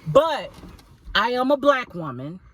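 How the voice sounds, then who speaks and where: Animated woman telling a story. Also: a little high, unhurried, a crowd in the background. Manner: animated, acts out both sides of an argument. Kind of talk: casual storytelling chat.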